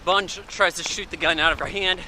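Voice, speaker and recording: A man's voice: high-pitched, fairly even intonation, brisk, background noise. A man giving a casual, rambling spoken film review in an offhand way. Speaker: movie reviewer.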